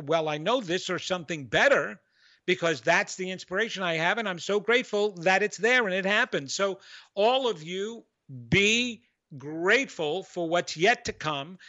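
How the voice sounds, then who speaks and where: Man, psychic call-in host, upbeat and preachy, high bright voice, on muffled lo-fi audio. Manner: enthusiastic, preachy, repeats words. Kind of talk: motivational radio call-in talk.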